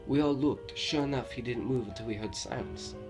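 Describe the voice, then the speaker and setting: A man from Romania with a Romanian accent, reading true scary stories aloud with a steady storytelling delivery and the odd slip. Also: mid-range voice, moderate pace. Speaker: horror story narrator. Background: faint background music.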